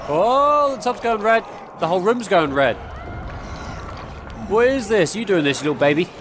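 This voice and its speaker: A man's voice: sits high, animated, moderate pace, noisy background. A young man giving jumpy, exclaiming commentary while playing a horror game and talking to its characters. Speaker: gaming YouTuber.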